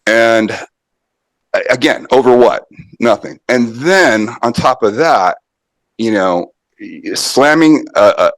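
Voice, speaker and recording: A man's voice: mid-range voice, takes it slowly, no room sound. A middle-aged man, a podcast guest, telling a personal story in a conversational way, full of fillers and restarts. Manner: animated anecdote-telling with many fillers and restarts. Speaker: podcast guest, martial arts author.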